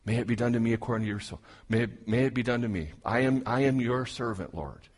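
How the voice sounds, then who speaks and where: A man's voice: mid-range voice, quick pace, voice pushed down, natural voice. A man voicing a distraught, devout mother who turns from pleading to scolding her son, as part of a sermon.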